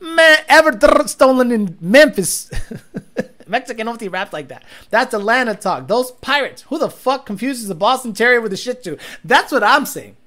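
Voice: medium pitch, normal speed. A livestream host in casual chat, reading out viewer comments and telling stories with lots of laughter and swearing. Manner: animated storytelling, frequent laughter, profane.

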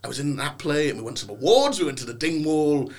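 A man's voice: a little high, fast talker. A young man from England, a podcast guest telling stories in a casual chat with a theatrical, playful manner. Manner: theatrical, animated storytelling with playful put-on voices.

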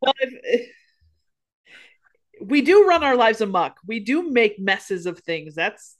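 A woman's voice: a little high, sing-song, slow. A woman co-hosting a casual faith podcast, earnest and encouraging, rambling a little with restarts. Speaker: podcast co-host.

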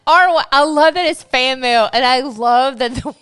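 A woman's voice: high-pitched, a bit bright, smooth. A woman with a Southern US accent, co-hosting a podcast in casual chat, laughing often. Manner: giggly, quick to laugh. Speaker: podcast co-host.

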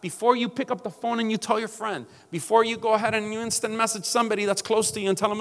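High-voiced male pastor preaching in reverb. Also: fast, few pauses. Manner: emphatic preaching, calls to the congregation. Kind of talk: sermon.

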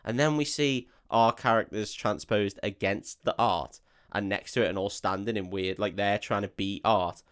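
A man's voice: lowish voice, normal speed, few pauses, a bit bright, smooth. A young man co-hosting a casual film podcast, swearing freely, mocking, and dropping into silly voices and hummed tunes. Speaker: podcast co-host. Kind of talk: casual film review chat.

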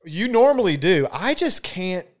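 A man's voice: high-pitched, big pitch swings, measured pace. A man from the American South with a Southern accent, chatting casually as a podcast co-host. He talks in a laid-back way, swears freely and laughs often. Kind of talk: casual chat.

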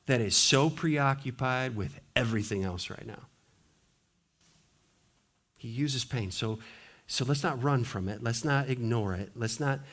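A male pastor preaching an earnest sermon, swinging between emphatic lines and quiet ones. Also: medium pitch.

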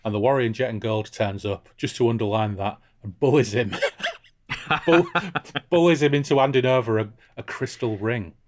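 A man's voice: mid-range voice, moderate pace. A man hosting a casual book discussion podcast, irreverent and jokey. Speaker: podcast host.

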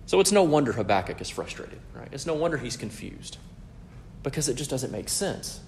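A man's voice: medium pitch, big pitch swings, a little fast, gravelly, darkish tone. Earnest preaching man, faint hiss. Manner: earnest, teaching tone, asks "right?" often. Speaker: pastor. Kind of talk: sermon.

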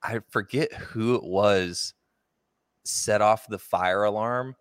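A man's voice: on the low side, slow pace, clear, resonant tone, no room sound, clean studio sound. A young man hosting a podcast, telling stories in a loose, slangy way and laughing often. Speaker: podcast host. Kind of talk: casual chat.

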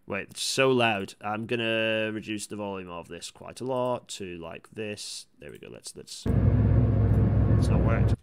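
A man hosting a casual livestream. He reads the chat aloud, rambles with many restarts, and breaks into excited outbursts. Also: on the low side, a little slow, very noisy. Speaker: live-stream host reading chat. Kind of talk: casual live-stream commentary.

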